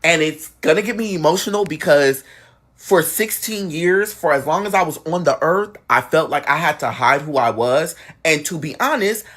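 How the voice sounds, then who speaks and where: A man telling a family story in a casual storytime chat, acting out what relatives said with big jumps in pitch. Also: lively intonation, fairly quick, fairly bright tone. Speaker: guest storyteller.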